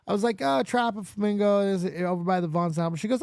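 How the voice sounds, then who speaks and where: A man's voice: high-pitched, quick pace, gravelly, dry recording, studio quality. A man in his forties from Las Vegas, hosting a livestream and telling a story casually, swearing often and acting out every side of the conversation. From Las Vegas, USA. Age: 40s. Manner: animated, swears often, acts out both sides of dialogue. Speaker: livestream host.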